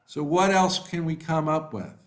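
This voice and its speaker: A man teaching a live online class. He reads out student answers and praises them by name, talking slowly with many fillers. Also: on the high side, animated. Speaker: online English tutor. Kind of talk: live online class, reading chat replies.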